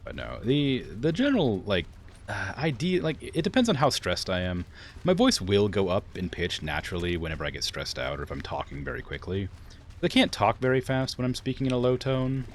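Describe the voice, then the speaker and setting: A man's voice: lowish voice, wildly swooping pitch, fairly quick, a little hiss or hum. A man streaming a game in casual chat, rambling through viewer questions with lots of "like" fillers. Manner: rambling, heavy use of "like" fillers; answers viewer questions while playing.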